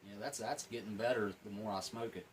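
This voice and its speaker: A fairly low-pitched male voice, brisk and fairly even in intonation, comes through poor audio with slight background noise. The MRE reviewer, a plain-spoken guy, eats and smokes as he gives a loose, wandering food review, occasionally mid-chew.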